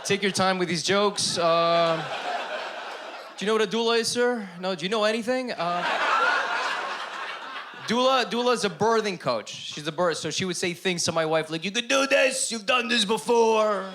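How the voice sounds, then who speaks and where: A man's voice: high-pitched, moderate pace, pauses often, background noise. A man performing a stand-up comedy set on a club stage before a live audience, talking animatedly and acting out the voices in his stories.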